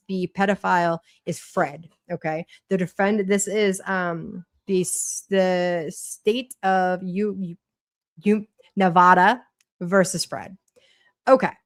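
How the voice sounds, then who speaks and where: Blunt Boston woman with a low voice. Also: no room sound, studio quality. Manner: chatty, blunt and profane, reading a document aloud. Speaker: livestream host. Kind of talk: casual livestream commentary.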